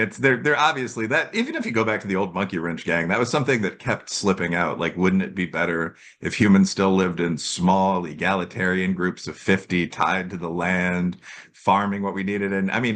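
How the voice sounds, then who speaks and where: A man's voice: low-pitched, brisk. A man hosting a podcast, telling rambling, jokey stories in a casual chat. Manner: rambling, animated storytelling, jokey. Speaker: podcast host.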